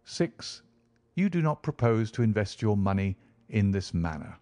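A man voicing an aloof detective who explains his reasoning in a measured, professorial way. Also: fairly low pitch, big pitch swings, mellow, no echo. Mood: lecturing. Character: cool, lecturing male detective, aloof.

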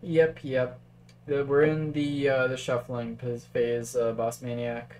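A man's voice: mid-range voice, little pitch movement, takes it slowly, a little mellow. A man casually commentating a chess game on a live stream, thinking aloud through moves and answering chat.

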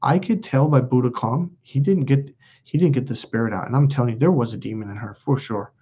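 On a dull lo-fi recording, a man with a mid-range, warm, slightly rough voice talks a little fast. He's the host of a casual livestream, a blunt and profane storyteller who rambles while going through viewer comments.

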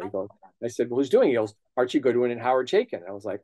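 A man's voice: mid-range voice, rapid-fire, dry recording. A middle-aged man telling stories as an interview guest. He acts out quoted dialogue and swears casually. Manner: lively storyteller who acts out quoted dialogue. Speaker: guest, comics writer and colorist. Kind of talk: anecdotal interview storytelling.

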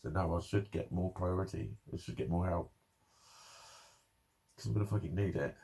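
Young guy ranting on his vlog, super raspy, bitter, swears nonstop. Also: low voice, moderate pace, warm tone. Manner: swears constantly, frustrated and bitter. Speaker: vlogger. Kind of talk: angry personal vlog rant.

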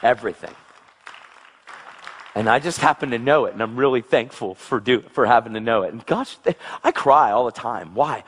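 A man preaching a sermon in an excitable, exclamatory way, swinging between low, intense passages and loud, high outbursts. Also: normal speed, pauses often, breathy edge.

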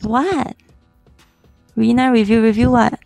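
A woman's voice: a little high, steady tone, slow pace, gravelly, warm tone, dry recording, soft background music. A woman chatting casually with a streamer friend, teasing and blunt. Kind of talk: casual chat.

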